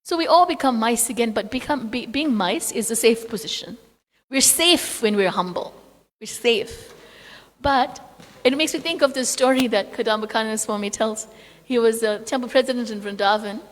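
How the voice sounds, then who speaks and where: A woman's voice: a little high, normal speed, long reverb tail. A woman teaching a devotional class, talking through stories conversationally and acting out the quotes. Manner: storytelling with acted quotes, conversational asides. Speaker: spiritual teacher.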